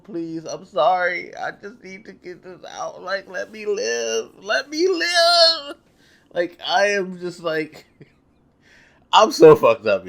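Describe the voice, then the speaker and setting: A young man vlogging, telling a story in a loose, profane, self-mocking way. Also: medium pitch. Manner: loose, profane, laughing at himself. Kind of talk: casual storytelling.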